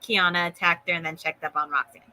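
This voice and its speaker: A woman's voice: lowish voice, fairly even intonation, quick pace, pushed and bright, no room sound, low-quality recording. A woman co-hosting a casual chat, sassy and emphatic. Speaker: co-host.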